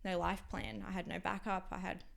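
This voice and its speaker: A young Australian woman speaking as a podcast guest, talking frankly in halting phrases that sometimes drop to a near whisper. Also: fairly low pitch, little pitch movement, gravelly. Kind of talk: candid interview conversation.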